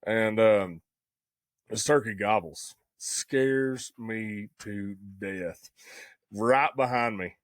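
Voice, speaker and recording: A man's voice: on the low side, drawn-out words, no room sound. A man, co-hosting a podcast and telling a hunting story in a folksy, casual way. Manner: folksy storyteller, says "buddy" and "dude" a lot. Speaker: podcast co-host.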